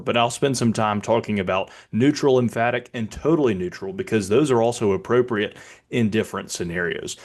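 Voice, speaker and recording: A man who works as a basketball public address announcer, explaining his craft in a conversational, step-by-step way. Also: lowish voice. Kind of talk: explanatory video talk.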